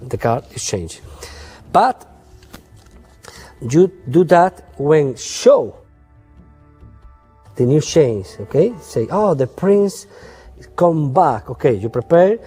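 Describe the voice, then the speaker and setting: A man's voice: a little high, big pitch swings, takes it slowly, pauses often, warm tone, husky. Male magician explaining sleights in plain broken English, faint music under him. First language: Spanish. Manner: simple, broken English with frequent "okay?" and "eh?" checks; playful, storytelling patter. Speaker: magician teaching card sleights. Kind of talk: instructional demonstration.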